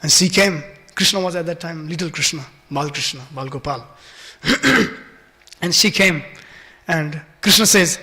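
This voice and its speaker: A man's voice: high voice, normal speed, bright, forceful tone. A man giving a devotional scripture class in a temple hall, telling stories with many fillers and acting out the voices.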